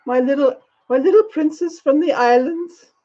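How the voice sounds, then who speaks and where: A woman's voice: high voice, normal speed, mellow, lo-fi sound, lightly acted. An older woman doing a gushing posh English queen. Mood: gracious. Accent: put-on upper-class English. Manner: gushing, genteel, greets viewers as darling. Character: elderly posh British queen, gracious and gushing. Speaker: livestream host. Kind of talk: live chat in character, greeting viewers. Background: faint background music.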